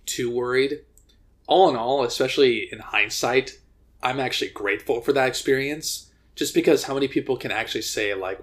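A man co-hosting a podcast, telling a story in casual chat, rambling with fillers and restarts. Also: medium pitch. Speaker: podcast co-host.

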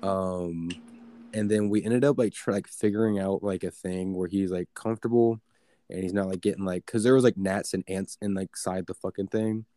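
Deep-voiced young man, rambling casually. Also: steady tone, normal speed, warm tone, no echo. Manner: rambling, filler-heavy, profane. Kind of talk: casual storytelling chat.

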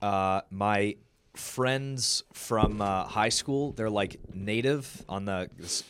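A young man telling rambling stories in casual podcast chat, full of fillers, breaking into loud laughs. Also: lowish voice, slow pace, slight background noise. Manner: rambling storyteller, laughs loudly at his own jokes.

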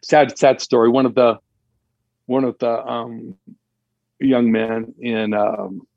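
A man telling a personal story in a casual, animated way, acting out the dialogue with raised voices. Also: mid-range voice, takes it slowly, vocal fry, no echo, highs cut off. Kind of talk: casual anecdote.

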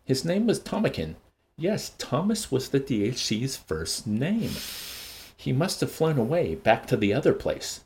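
Expressive man reading fiction aloud. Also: mid-range voice, measured pace, slight background noise. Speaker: podcast host reading a novel aloud.

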